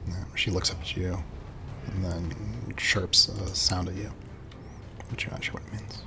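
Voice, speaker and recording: A man narrating as game master of a tabletop game, describing scenes in a calm, measured way with frequent pauses. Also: deep voice, creaky. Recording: home recording with noticeable background noise.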